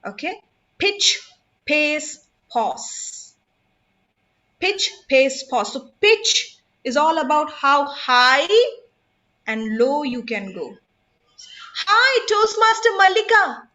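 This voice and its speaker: A woman's voice: high-pitched, animated, takes it slowly, sharp tone. A woman, teaching public speaking in an emphatic, instructive way and putting questions to her audience. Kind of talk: online workshop talk.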